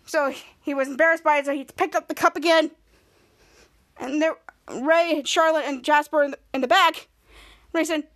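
A woman hosting a podcast, recapping a sitcom scene by scene in a casual, halting way with many restarts. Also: high voice, fairly even intonation, fairly bright tone. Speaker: podcast host.

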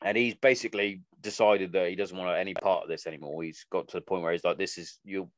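A man's voice: sits low, fast, dry recording. A man chatting casually, swearing often and acting out the stories he tells. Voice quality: sweary, animated storytelling. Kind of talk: casual chat.

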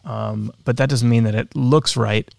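A man co-hosting a casual podcast chat, speaking in a relaxed, measured way with fillers. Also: mid-range voice, vocal fry, no echo. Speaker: co-host.

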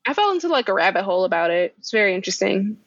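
A woman's voice: medium pitch, big pitch swings, racing, no echo, lo-fi sound. A woman co-hosting a casual chat, rambling through what she looked up, with lots of "um" and "like". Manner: chatty, rambling, full of "um" and "like". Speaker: podcast co-host.

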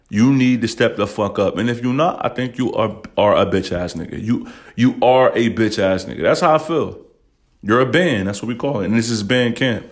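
A man hosting a casual podcast, talking bluntly and emotionally, swearing a lot and often saying "you know what I'm saying". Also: mid-range voice. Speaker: podcast host.

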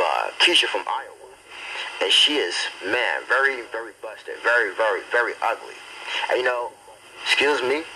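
A man hosting his own homemade party-line show on tape, hyped and excitable, repeating himself and trash-talking callers. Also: medium pitch, slight background noise, rough recording. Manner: loud and excitable. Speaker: amateur DJ host.

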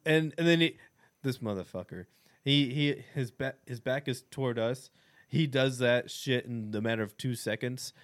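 A man in casual podcast chat, recounting a story with lots of swearing. He acts out the quotes in animated bursts and laughs between lines. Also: medium pitch.

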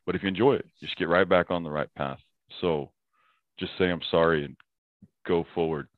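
A man's voice: low voice, fairly even intonation, a little fast, dry recording. A man as a podcast guest in casual talk, earnest, often quoting scripture and laughing easily. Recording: thin phone-like sound.

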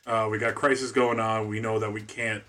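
A man co-hosting a casual podcast chat, explaining points in a measured way. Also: fairly low pitch, flat delivery, sharp tone.

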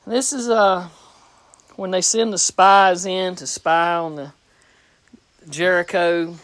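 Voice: medium pitch, fairly even intonation, takes it slowly, a bit bright, no echo. A preacher giving a plain-spoken, folksy sermon, reading scripture aloud and repeating phrases for emphasis.

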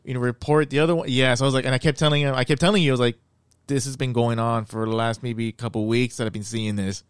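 A man co-hosting a podcast, laid-back and quick to agree in casual chat. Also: medium pitch, steady tone, clear, resonant tone, dry recording, clean studio sound. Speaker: podcast co-host.

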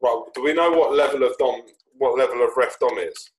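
Relaxed man making dry asides. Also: mid-range voice, a little fast, reverberant, slight background noise. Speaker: podcast co-host. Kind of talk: casual chat.

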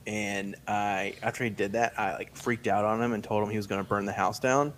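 Laid-back low-voiced podcast guest. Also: male voice, steady tone, brisk, fairly bright tone, slight background noise, low-quality recording. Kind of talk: casual podcast chat.

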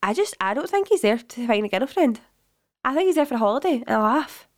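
A woman's voice: a little high, sing-song, quick pace. A woman co-hosting a podcast, blunt and outspoken in casual chat, with cheeky swearing. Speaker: podcast co-host.

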